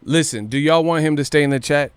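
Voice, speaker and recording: A man hosting a boxing news livestream, ranting casually with profanity and rapid rhetorical questions. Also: fairly high pitch, clean tone, no echo.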